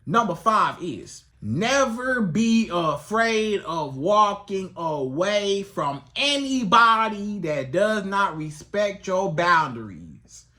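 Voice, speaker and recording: A relationship coach speaks straight to the viewer in a casual advice vlog. The voice is bright and clear, and the delivery is animated and colloquial. The coach often slips into acting out both sides of a conversation. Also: medium pitch, slow, few pauses. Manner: animated, colloquial, acts out dialogues.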